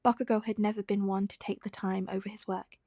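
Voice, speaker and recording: A woman reading fan fiction aloud as an audiobook narrator, with a soft, even storytelling delivery close to the mic. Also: medium pitch, quick pace, dry recording. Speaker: podfic reader.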